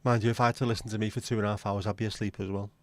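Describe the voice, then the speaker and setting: A man hosting a casual livestream, rambling to his viewers with crude jokes and self-mockery. His voice sits on the low side and sounds dry and close, with no room around it. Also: flat delivery, rapid-fire, no echo. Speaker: livestream host.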